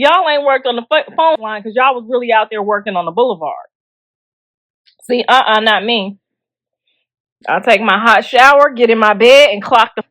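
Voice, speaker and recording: With a fairly high, fairly bright voice and no echo, this middle-aged host chats about celebrity gossip. She's blunt and jokey, laughs a lot, and talks directly to her viewers using slang.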